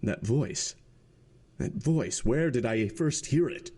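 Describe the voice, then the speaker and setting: A man's voice: medium pitch, animated, slow pace, warm tone. A man voicing a grief-stricken, frantic middle-aged magistrate in a storybook reading, with anguished, pleading outbursts. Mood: desperate.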